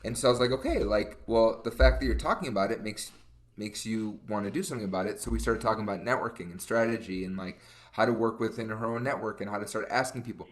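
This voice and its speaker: A young man co-hosting a casual chat, telling stories with lively quoted voices and lots of fillers. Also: fairly low pitch, quick pace. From Colorado. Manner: animated storyteller, acts out quotes. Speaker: co-host.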